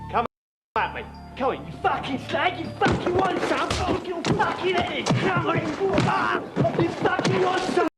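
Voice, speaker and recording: A loud, foul-mouthed self-defence instructor, barking orders at a very high pitch. Music plays clearly under the sketch clip. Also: male voice. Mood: calm. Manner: swearing, shouting, menacing. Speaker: comedy sketch character. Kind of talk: comedy sketch acting.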